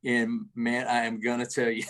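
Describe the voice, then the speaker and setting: A middle-aged man, a retired army first sergeant, telling salty stories in a casual, animated way and tossing "man" into almost every sentence. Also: fairly high pitch, normal speed. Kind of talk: casual storytelling.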